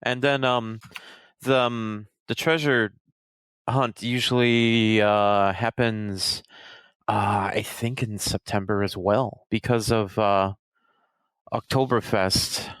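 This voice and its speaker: A man's voice: fairly low pitch, fairly even intonation, takes it slowly, fairly bright tone, clear, resonant tone, no room sound. A man co-hosting a casual gaming podcast, laid-back and jokey, often searching for words. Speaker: podcast co-host. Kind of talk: casual chat about an online game.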